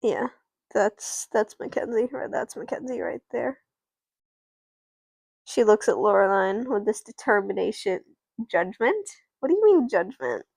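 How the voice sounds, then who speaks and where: A woman's voice: mid-range voice, animated, unhurried, vocal fry, a little mellow, no echo. A woman casually narrating her doll play, rambling and often stopping herself mid-sentence. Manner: rambling, self-interrupting.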